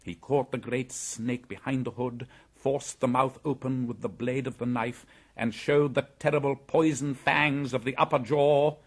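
A man narrating a classic story in an audiobook, with dramatic, measured storytelling. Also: medium pitch, steady tone. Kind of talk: scripted narration.

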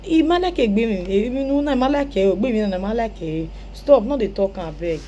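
A woman's voice: a little high, lively intonation, fairly quick, dark tone, muffled recording, slight background noise. A Nigerian woman commenting on a clip in Pidgin, scolding and advising the man she talks about. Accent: Nigerian Pidgin English.

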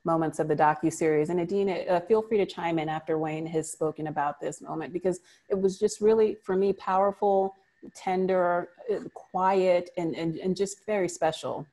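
A woman's voice: fairly low pitch, fairly even intonation, normal speed, dark tone. A woman moderating a press conference panel, upbeat and affirming as she asks questions.

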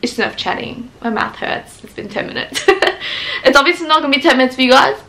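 A woman in her twenties chatting excitedly in a casual home vlog, laughing often and filming on a handheld camera. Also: sits high, quick pace. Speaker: vlogger. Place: at home, indoors.

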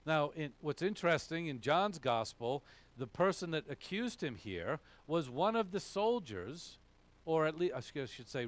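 Man, boston accent, pastor preaching, chatty, animated pitch, rising and falling. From New England, USA. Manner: conversational, frequent "okay?" asides. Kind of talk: sermon.

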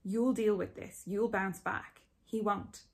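A woman's voice: medium pitch, fairly even intonation, slow. A woman reading aloud and voicing a blunt, caring female best friend who talks in a frank, sweary, reassuring way.

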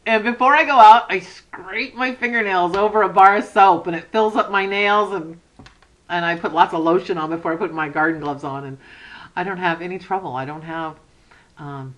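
A woman's voice: mid-range voice, bright, forceful tone, rough recording. A middle-aged woman chatting in a home vlog, gushing and rambling, often restarting her sentences and laughing. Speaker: cross-stitch vlogger.

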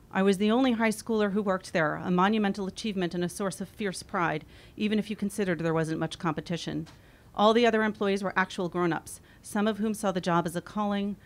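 A woman in her forties reading her own memoir aloud, wry and expressive. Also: on the low side. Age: 40s. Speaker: author.

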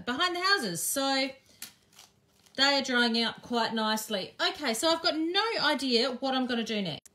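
An Australian woman with a somewhat high, sharp-toned voice teaches a live craft demo, talking casually and thinking aloud with frequent ums; she's a craft teacher who also owns a shop.

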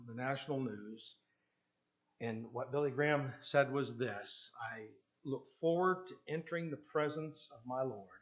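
Impassioned preacher with a dull recording. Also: male voice, mid-range voice. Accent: Canadian English. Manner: dramatic preaching, acting out voices in quotes, swings from hushed to loud. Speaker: pastor. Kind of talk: sermon.

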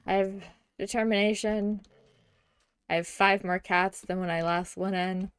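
A young woman casually chatting while she streams a video game. Her voice sits at a middling pitch, chatty and giggly, and she drifts into quiet murmurs to herself. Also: fairly even intonation, measured pace, clear, resonant tone, no echo. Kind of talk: casual gameplay chat.

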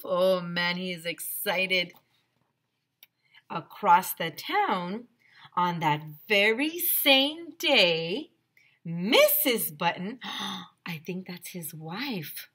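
A woman teacher reading a picture book aloud to children, expressive and gasping with excitement, with chatty asides to the class. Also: fairly low pitch, very slow, pauses often.

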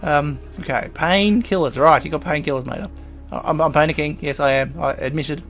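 A man's voice: fairly high pitch, normal speed, fairly bright tone, soft background music. A man giving chatty let's play commentary as he plays, chuckling often and getting flustered when things go wrong. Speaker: gaming channel host.

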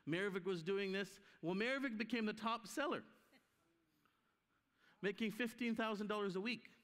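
A man's voice: high-pitched, moderate pace. A man from Canada telling stories in a sermon at a church conference, acting out the voices of people he quotes. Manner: animated, acts out quoted voices. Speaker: conference speaker. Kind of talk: storytelling sermon. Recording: echoey hall reverb.

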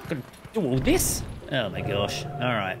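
A man hosting a gameplay video, talking in an excitable, rambling way. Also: mid-range voice, moderate pace, heavy background noise. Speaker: let's play host. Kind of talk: gameplay commentary. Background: game music.

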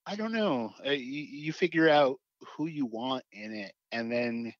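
A man's voice: medium pitch, measured pace, no room sound, dull audio. A man, a comic writer being interviewed, talking casually and rambling with many fillers and restarts.

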